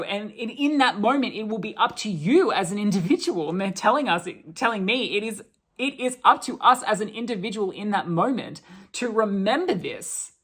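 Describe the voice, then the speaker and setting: A woman's voice: mid-range voice, fairly bright tone. A woman giving a channelled spiritual talk, earnest and restarting her sentences often.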